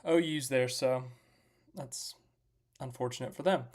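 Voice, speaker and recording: In a mid-range, darkish voice, a young man talks unhurriedly while hosting a casual live stream. He chats and jokes through a motorsport recap, greeting viewers by name.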